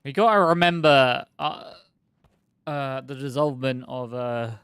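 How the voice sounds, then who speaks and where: A man's voice: mid-range voice, measured pace, a bit bright, clear, resonant tone, no echo. A man streaming a video game, thinking aloud and rambling in casual commentary with many fillers.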